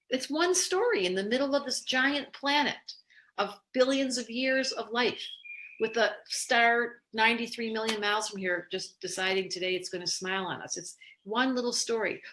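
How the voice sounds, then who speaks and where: A woman astrologer giving a casual, animated spoken lesson, telling candid stories in an expressive way. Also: on the high side. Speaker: astrologer teaching.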